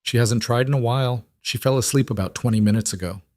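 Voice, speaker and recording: A man voicing a weary, overwhelmed single father in a read-aloud story, quiet and strained. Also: mid-range voice, fast, no room sound, studio quality, close to an everyday voice. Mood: tired, gentle. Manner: quiet, strained, self-doubting. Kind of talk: scripted story reading.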